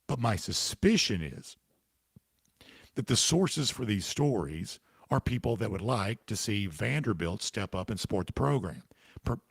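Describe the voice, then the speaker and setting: A man's voice: fairly low pitch, sing-song, unhurried, vocal fry, breathy edge, no room sound. A man hosting a sports talk podcast, answering listener comments with casual, emphatic, opinionated commentary while he has the hiccups.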